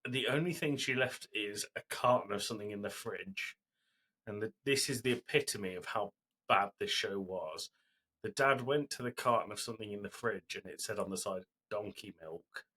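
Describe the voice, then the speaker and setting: Male co-host, husky forceful voice, loose rambling storyteller. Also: on the low side, normal speed. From Britain. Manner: rambling storytelling recap with fillers. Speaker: podcast co-host. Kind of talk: casual chat.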